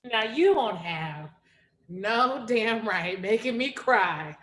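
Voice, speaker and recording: A woman hosting a poetry reading over a video call, lively and slangy, hyping up her audience and reading an introduction. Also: fairly high pitch, slow. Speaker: host of reading series. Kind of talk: casual live-stream hosting.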